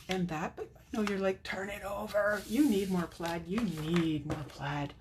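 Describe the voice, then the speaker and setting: A woman's voice: on the low side, a little hiss or hum. A middle-aged woman hosting a live craft unboxing, chatting to herself and answering viewers by name. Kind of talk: casual chatty product show-and-tell.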